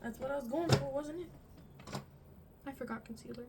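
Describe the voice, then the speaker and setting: A teenage girl talks through her makeup in a high, bright voice, rambling from one story to the next with lots of "like"s. She sounds close to a phone mic in her bedroom, with a faint hum of room ambience behind her. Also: moderate pace, poor audio. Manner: rambling, animated storytelling with frequent fillers. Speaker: vlogger. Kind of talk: get-ready-with-me chat.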